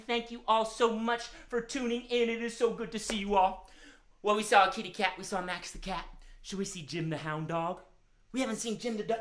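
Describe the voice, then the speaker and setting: A man's voice: sits high, sharp tone. A man hosting a live-streamed children's music show, upbeat and chatty as he talks straight to the young viewers. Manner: upbeat, chatty, addresses the kids directly. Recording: echoey room with music.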